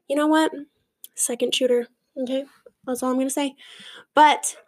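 A young adult woman hosting a podcast, chatting and ranting in a lively, animated way. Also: a little high, gravelly, no echo. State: out of breath. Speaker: podcast host. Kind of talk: casual chat.

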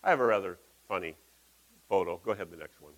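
A man's voice: sits low, fast talker, fairly bright tone, rough recording. A man giving a conversational, folksy sermon in a church, talking through slides with asides. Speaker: pastor.

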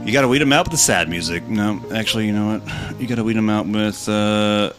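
A man's voice: lowish voice, brisk, over music. A man co-hosting a live comedy podcast, bantering casually, laughing often and swearing freely. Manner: swearing, laughing, playful put-on voices. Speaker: podcast co-host.

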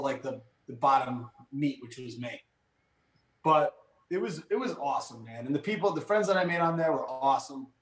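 Rambling man in an echoey room. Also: a little high. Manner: animated, rambling, lots of "you know" and "like". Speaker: podcast guest. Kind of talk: casual storytelling chat.

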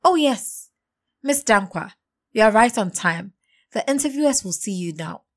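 A woman's voice: mid-range voice, expressive, moderate pace, voice pushed up, natural voice. Polite receptionist, courteous and welcoming , read by a woman. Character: polite female office secretary.

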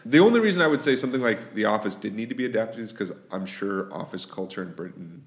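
A man's voice: lowish voice, animated, fast talker, vocal fry, roomy sound. A man in a casual podcast chat, thinking aloud with restarts and ending his points with "right?".

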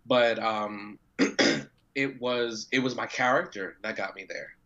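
A man's voice: on the low side, takes it slowly, pushed and bright. A man being interviewed, who tells a story casually, swears freely and acts out what people said. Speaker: professional wrestler guest. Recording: dull lo-fi audio.

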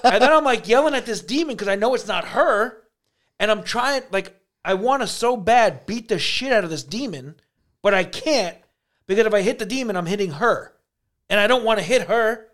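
A man's voice: sits high, expressive, normal speed, fairly bright tone. A man co-hosting a podcast, telling a dream story in casual, profane chat. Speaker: podcast co-host.

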